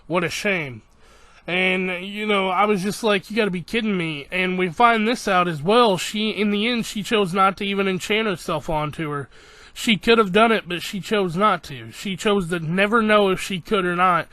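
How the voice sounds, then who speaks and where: Excitable male anime reviewer, high bright voice, dry close sound, swears and re-enacts scenes. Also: normal speed, dry recording. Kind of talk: casual episode recap.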